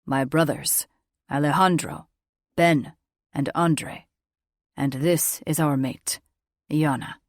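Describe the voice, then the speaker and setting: A woman narrator voicing grave male werewolf chieftains in an audiobook, low and steady. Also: slow, pauses often, dry recording, studio quality. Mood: formal.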